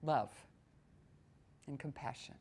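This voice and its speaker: A middle-aged woman with an Upper Midwest American accent gives a talk on group singing at a library. She speaks in an animated, expressive way and sometimes slips into short sung phrases. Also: very deep voice, takes it slowly, husky. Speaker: voice coach and presenter. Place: public library meeting room.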